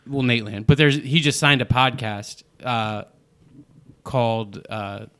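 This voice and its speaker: A man's voice: mid-range voice, steady tone, unhurried, fairly bright tone. A man co-hosting a casual podcast chat, rambling and laughing often. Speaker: podcast co-host.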